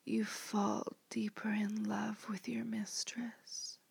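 Whispered role-play: woman, dominant hypnotist, very slow and breathy, steady and flat. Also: mid-range voice, dry recording.

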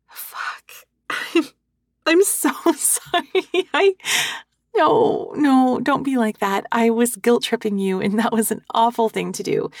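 A woman voicing a hungover young woman who swears and apologizes to the listener in an audio role-play, with halting, self-deprecating talk, close to a sensitive microphone. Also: sits high, no room sound, pitched above the performer's own voice.

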